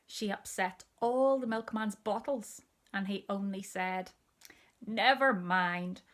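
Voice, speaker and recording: Female storyteller, slow, gentle children's-book reading, intimate asides. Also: medium pitch.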